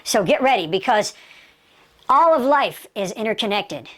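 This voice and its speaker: A woman's voice: mid-range voice, lively intonation, normal speed, fairly bright tone. A woman giving a motivational martial arts lecture, emphatic, asking rhetorical questions and repeating key phrases.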